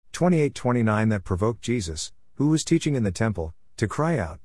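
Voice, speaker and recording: A man's voice: on the low side, big pitch swings, a little fast, few pauses, a little mellow, no echo, studio quality. A man reading scripture aloud as a scripted reading and speaking each verse number. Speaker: scripture reader.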